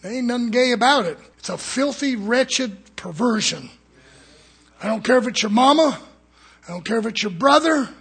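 A man preaching a fiery sermon in a church, swinging from loud shouts to low murmurs. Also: lively intonation, normal speed, slightly rough.

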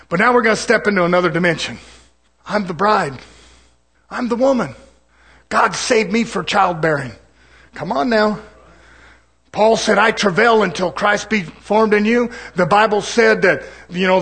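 A man preaches in a church, his voice sitting very high for a man and ringing with a bright, cutting edge. He swings from shouted, fiery climaxes down to hushed, chatty asides aimed at his congregation. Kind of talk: sermon.

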